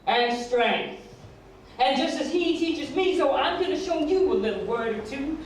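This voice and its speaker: A swaggering, boastful male gangster-rapper president with a deliberately fake Texan accent, as a woman performer puts him on. The rhymes are rapped and chanted in a high voice. It is heard from a distance in a very echoey hall. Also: expressive, slight background noise. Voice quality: boastful, rhythmic, rhyming swagger. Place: large echoey live arts venue.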